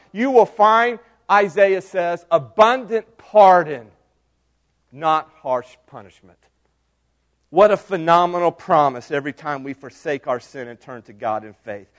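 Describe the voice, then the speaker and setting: A man pastor preaching a sermon, animated and swinging from loud emphatic lines to hushed ones. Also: a little high.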